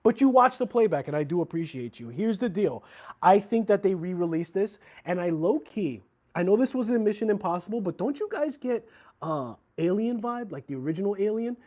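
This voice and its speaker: A man's voice: high-pitched, sing-song, fairly quick, a little mellow. A man hosting a casual livestream about watches, talking in a chatty, slangy, rambling way with frequent restarts. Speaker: watch channel host.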